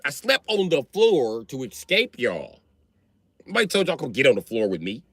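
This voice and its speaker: A man in his thirties telling comic stories about his kids in an animated, profane way, jumping into high yelps. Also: moderate pace, no echo. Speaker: stand-up comedian. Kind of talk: stand-up storytelling.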